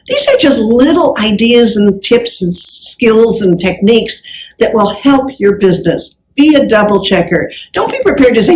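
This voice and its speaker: An older woman speaking on stage, telling lively stories that act out the dialogue. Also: a little high, moderate pace, poor audio. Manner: animated storyteller acting out dialogue. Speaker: keynote speaker on customer service. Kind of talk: live speech with anecdotes. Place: event stage with audience.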